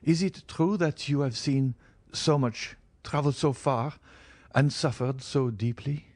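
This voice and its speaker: A man's voice: mid-range voice, measured pace, a little mellow, no echo, voice pushed up, close to an everyday voice. A man voicing Mercédès, a plaintive pleading countess. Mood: searching. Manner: plaintive, tremulous. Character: sorrowful pleading noblewoman, middle-aged. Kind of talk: audiobook character reading.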